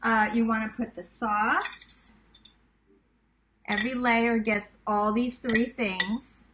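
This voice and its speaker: A woman's voice: fairly high pitch, fairly even intonation, takes it slowly, noisy background. A woman in her thirties from Queens with a New York accent, chatting casually to viewers as she walks through a recipe in her home kitchen. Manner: chatty, self-teasing, talks to viewers as guys. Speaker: cooking vlogger. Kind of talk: casual cooking demonstration.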